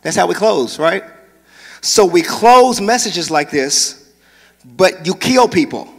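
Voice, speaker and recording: A man preaching a sermon from the pulpit of a large church, moving between conversational talk and loud hollering. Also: high-pitched, animated, takes it slowly, creaky, in a large hall. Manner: preaching, shifts into hollering whoops. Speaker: pastor.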